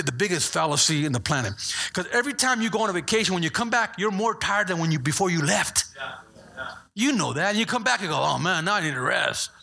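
A middle-aged male pastor preaching a sermon, acting out voices and asking the congregation questions. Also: high-pitched. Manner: animated, acts out voices, asks the congregation questions.

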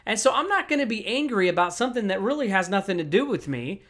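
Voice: medium pitch, very animated, fast talker, a bit bright. A voice in a mid-range register, delivering a motivational talk on handling anger. The speaker talks straight to the listeners and repeats key phrases to drive them home. The tone stays conversational and encouraging.

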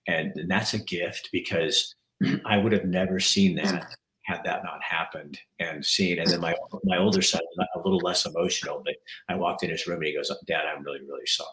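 A man's voice: low-pitched, steady tone, moderate pace, a bit bright. A middle-aged man hosting an interview, talking in an earnest, candid and emotional way. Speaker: podcast host. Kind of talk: heartfelt interview chat. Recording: roomy echo.

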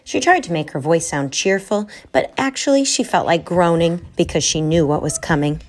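A woman's voice: on the low side, animated. Woman reading a children's book aloud. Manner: measured, storytelling. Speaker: narrator.

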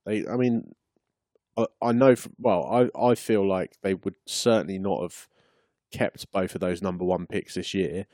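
A man with a very low voice co-hosts a casual sports chat, blunt and rambling. He restarts his sentences as he thinks aloud, close and dry on the mic. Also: unhurried, warm tone, no room sound. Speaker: podcast co-host.

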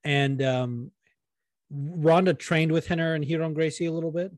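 A man in casual podcast chat about fights, talking in a profane, fast-running way with frequent restarts. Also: fairly high pitch, no room sound, clean studio sound.

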